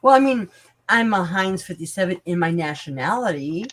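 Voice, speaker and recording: Woman from Chicago, lively up-and-down voice, blunt, wry guest. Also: lowish voice, normal speed. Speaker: guest on a live chat. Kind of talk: casual chat.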